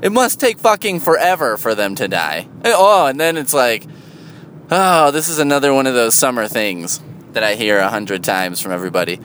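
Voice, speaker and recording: Man, mid-pitched, sardonic, profane, rambling, pitch leaps for emphasis, faint outdoor traffic. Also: expressive, moderate pace. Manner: jumps into a high, loud voice for emphasis. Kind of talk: casual rambling monologue.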